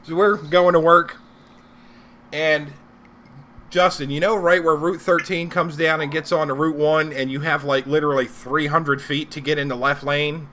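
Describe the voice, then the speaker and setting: Young man, co-host, profane lively storyteller, high-ish bright voice. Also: normal speed, slight background noise. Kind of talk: casual chat.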